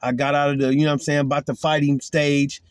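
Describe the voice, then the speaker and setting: A man's voice: on the high side, little pitch movement, quick pace, clear, resonant tone, no echo. A man giving an earnest, emphatic spoken testimony as a Christian, retelling a confrontation in casual talk.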